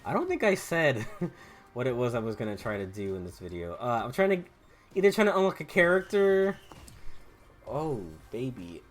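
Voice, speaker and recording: A man's voice: mid-range voice, big pitch swings, normal speed. A young man with a Southern US accent, rambling and stammering through restarts as he comments while gaming. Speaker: gaming YouTuber. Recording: faint game music behind.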